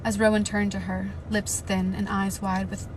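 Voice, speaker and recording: A woman's voice: mid-range voice, normal speed. Woman reading aloud in a noisy car. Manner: swings from steady reading to loud, panicked outbursts and swearing. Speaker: live-stream reader. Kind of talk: reading a novel aloud with live reactions.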